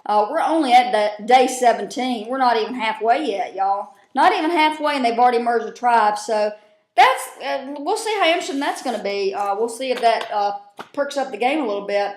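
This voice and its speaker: A woman's voice: on the high side, lively intonation, fairly quick. Lady rambling a tv recap vlog, swears a lot, um and uh everywhere, echoey room. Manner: blunt, profane, rambling with many fillers. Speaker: show recapper. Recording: roomy echo.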